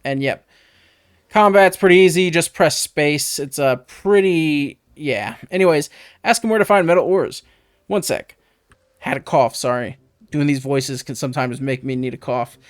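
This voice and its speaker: Rambling let's play host, fairly high voice. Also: male voice, normal speed, no room sound, clean studio sound. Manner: rambling, offhand tips to viewers. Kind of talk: casual gameplay commentary.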